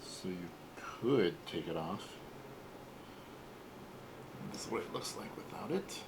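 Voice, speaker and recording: A man in his forties with a low, gravelly voice walks through a toy set in an easygoing, rambling way. The recording carries a steady noise behind him. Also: takes it slowly. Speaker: toy collector host. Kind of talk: casual unboxing walkthrough.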